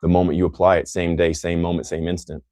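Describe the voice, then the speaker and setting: A man with a very low voice speaks intensely and emphatically, hammering phrases through repetition as he answers viewers. The sound is dry and close, with no room around it. He turns scornful when he talks about critics. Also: little pitch movement, fast, a little mellow, no echo. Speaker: host answering live comments. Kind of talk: motivational livestream talk.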